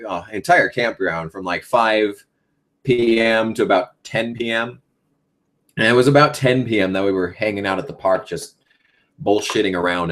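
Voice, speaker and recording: A late-teen gaming YouTuber hosting a casual live Q&A, with a mid-pitched voice that swings widely up and down. He rambles, fills gaps with lots of ums, and swears freely.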